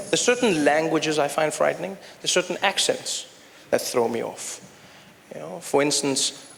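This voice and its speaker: A man doing live stand-up comedy, talking playfully and making quick asides to the crowd. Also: fairly high pitch, gravelly, fairly bright tone. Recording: echoey hall with background noise.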